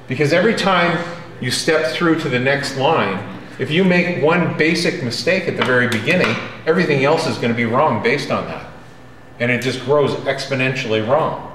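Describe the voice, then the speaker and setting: A man's voice: medium pitch, normal speed, fairly bright tone, slight background noise. Emphatic man lecturing in an echoey classroom. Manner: direct, emphatic, often checks in with "okay?". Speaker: drawing instructor. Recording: roomy classroom with faint ambience.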